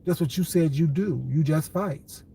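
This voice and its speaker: A man's voice: a little high, normal speed, vocal fry, dark tone, a little hiss or hum. A man hosting a casual livestream, answering his viewers' comments in a blunt, dismissive way and calling them baby. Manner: laughs often, talks back to chat.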